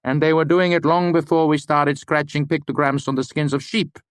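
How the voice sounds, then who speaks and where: A man voicing an eccentric, playful male university master who is loud and dismissive, in an audiobook. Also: on the high side, fairly even intonation, normal speed, smooth, dry recording, pitched above the performer's own voice, close to an everyday voice. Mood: amused.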